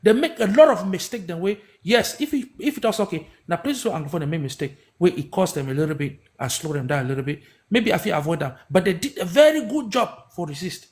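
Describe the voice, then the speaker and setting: Fast-talking and high-voiced, with lively intonation, this Cameroonian livestream host has a Cameroonian Pidgin English accent. His political commentary rambles, restarting often and posing rhetorical questions.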